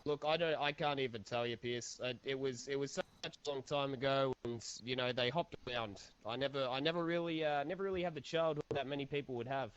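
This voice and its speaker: A man's voice: mid-range voice, fairly even intonation, a little hiss or hum, close to an everyday voice. A man playing a rambling Australian sheriff. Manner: rambling, halting, many restarts and fillers. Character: rambling small-town male sheriff, easygoing. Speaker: sheriff being interviewed. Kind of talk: improvised role-play interview. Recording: dull lo-fi game voice chat.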